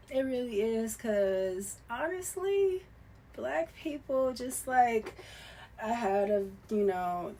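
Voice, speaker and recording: A woman giving a loose, conversational tarot reading, swearing casually and swinging from soft murmurs to loud, emphatic bursts. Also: medium pitch, creaky, a little hiss or hum. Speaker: tarot reader.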